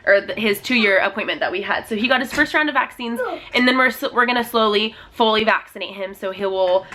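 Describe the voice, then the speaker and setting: Chatty bright-voiced young mother. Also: mid-range voice, fairly quick. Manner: chatty, many "like" fillers, laughs often. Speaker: family vlogger and mother. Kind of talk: casual chat to camera. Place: at home with a toddler nearby.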